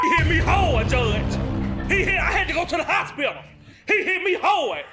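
A man with a very high, swooping voice, shouting and preaching his grievance on a livestream mock courtroom show. He talks like he is giving a sermon. Music plays behind him. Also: sing-song, normal speed, poor audio. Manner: loud, preachy, shouting complaints. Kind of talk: heated livestream argument.

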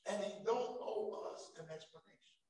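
A man preaching a sermon as pastor, calling to the congregation and rising to shouts at his peaks. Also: high-pitched, normal speed, gravelly. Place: church sanctuary. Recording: echoey hall from far off.

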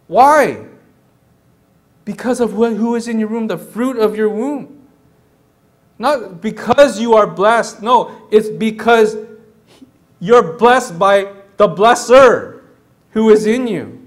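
A pastor preaching a sermon in an animated, conversational way, often repeating words and acting out the people he describes. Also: sits high, slow, pauses often. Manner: animated, repeats words, acts out quoted voices.

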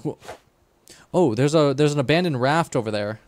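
A man's voice: fairly high pitch, normal speed, a little mellow. Playful male streamer chatting. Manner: playful, chatty, joking with chat. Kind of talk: casual livestream gaming chat.

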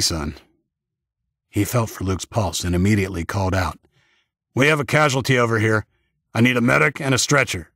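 A man narrates an audiobook in the first person at a measured pace. His voice is low and somewhat husky. He is recorded dry and close on a studio mic. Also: no room sound.

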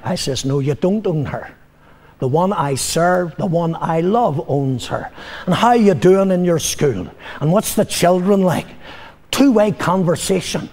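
An older man preaches in a church hall with a long, ringing reverb. His voice sits a little high for a man. He tells a story from the pulpit, swinging from loud proclamations to quiet, confiding lines. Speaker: pastor. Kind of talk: sermon.

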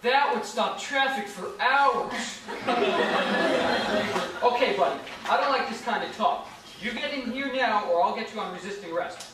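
Heard from far off on an echoey stage amid a loud crowd, a young man with a high voice speaks a little slowly as a nervous city policeman in a school play. He's flustered, blustering, and rambling.

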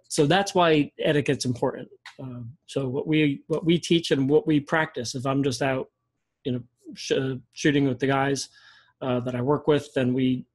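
A man, a guest photography instructor, explaining in a relaxed interview chat and pausing often with fillers. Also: medium pitch, poor audio. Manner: relaxed, many fillers and restarts. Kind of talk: casual interview talk.

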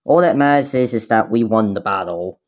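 A man's voice: on the low side, expressive, a little fast, a little mellow, close to an everyday voice. A man voicing a cheerful adult male plumber hero who speaks in an upbeat, reassuring way. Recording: dull lo-fi recording.

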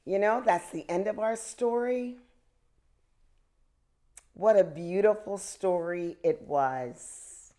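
A woman reading a children's book aloud in a slow, expressive way. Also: medium pitch. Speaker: reader.

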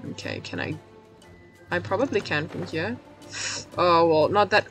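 A woman streaming a game, her voice going hoarse, rambling in a self-mocking way, cracking puns and laughing at herself. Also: on the low side, lively intonation, measured pace, fairly bright tone, faint music behind. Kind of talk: casual let's-play commentary.

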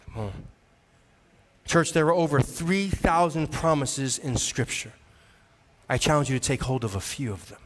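A man's voice: a little high, moderate pace. A male associate pastor preaching a sermon, building to repeated rising declarations before a church congregation. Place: large church sanctuary. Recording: long hall reverb from church.

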